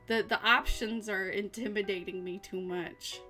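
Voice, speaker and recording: A woman's voice: medium pitch, fairly even intonation, normal speed, sharp tone, faint music behind. A tired woman streaming casually, rambling to herself and her chat with little laughs. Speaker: vtuber streamer.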